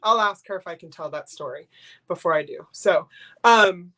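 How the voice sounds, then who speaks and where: A woman's voice: lowish voice, normal speed, pushed and bright. Sniffly, gushing older woman host. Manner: rambling, gushing, emotional. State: sniffly from crying. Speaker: livestream host. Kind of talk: casual live-stream chat.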